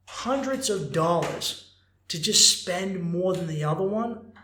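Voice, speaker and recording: Animated, swearing male podcast host. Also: high voice, echoey room, slight background noise. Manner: animated storyteller, acts out quotes, swears freely. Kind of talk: casual podcast monologue.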